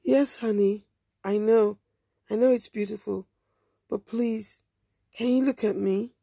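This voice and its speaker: A woman voicing a calm adult female rescuer who speaks softly and pleadingly, half in a whisper. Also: medium pitch, measured pace, creaky, breathy edge, dry recording, clean studio sound. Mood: gently coaxing.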